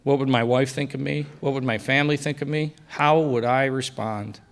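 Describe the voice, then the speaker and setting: A man's voice: mid-range voice, fairly even intonation, moderate pace. Man telling his faith testimony. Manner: storytelling, dropping quiet for quoted lines and rising on key moments. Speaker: guest speaker sharing testimony. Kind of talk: personal testimony speech. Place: banquet hall at a breakfast event.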